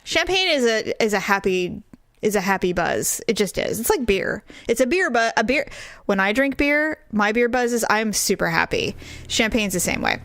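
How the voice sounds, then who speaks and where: A woman's voice: medium pitch, lively intonation, normal speed, fairly bright tone, no room sound. A middle-aged woman co-hosting a podcast, chatting casually, telling stories with quoted voices and frequent laughter. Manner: chatty storyteller, laughs often, acts out quotes. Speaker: podcast co-host. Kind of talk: casual chat.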